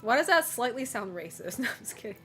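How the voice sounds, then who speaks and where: Woman, fairly high-pitched streamer, playful teasing banter, cusses and laughs often, quiet music bed behind. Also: big pitch swings, fast. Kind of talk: casual chat reading and answering live chat.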